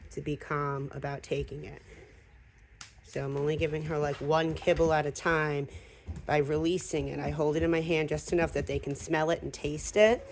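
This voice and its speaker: A woman dog trainer talking casually through a hands-on training demonstration, with fillers and quick asides to the dog. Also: low-pitched, slight background noise.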